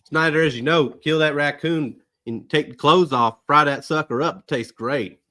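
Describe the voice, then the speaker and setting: A man's voice: fairly high pitch, normal speed, sharp tone, pitched above the performer's own voice. A man putting on an impression of a football player, with a thick Southern accent and a folksy, exaggerated backwoods delivery.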